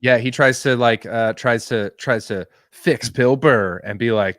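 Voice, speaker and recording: A man's voice: medium pitch, fairly even intonation, normal speed, few pauses, fairly bright tone, no room sound, clean studio sound. A man co-hosting a comedy podcast, casual and blunt, teasing and often laughing. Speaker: podcast co-host.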